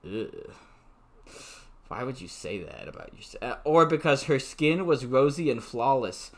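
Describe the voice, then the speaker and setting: Guy reading a book out loud, sarcastic, keeps cutting in to swear at it. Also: mid-range voice, very animated, measured pace. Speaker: amateur reader. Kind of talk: mocking dramatic reading.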